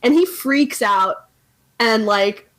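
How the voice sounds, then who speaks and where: A woman's voice: a little high, takes it slowly, fairly bright tone. A young woman guesting on a podcast, telling a story in casual chat with lots of fillers and laughter.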